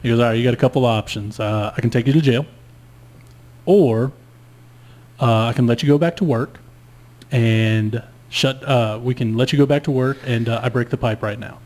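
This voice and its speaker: A man's voice: medium pitch, moderate pace, darkish tone. A man telling a long story in casual podcast chat, laid-back and profane. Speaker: guest storyteller.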